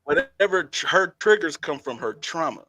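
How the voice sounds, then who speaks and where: On a casual talk show, this male co-host speaks at a fairly high pitch and moderate pace in a dry recording. He tells animated stories, laughs a lot, and tends to repeat things.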